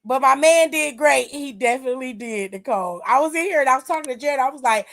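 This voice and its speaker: A woman's voice: sits high, fast talker, gravelly, a bit bright. A woman hosting a wrestling aftershow, giving casual, emphatic, profane live-stream commentary and reading viewer comments aloud.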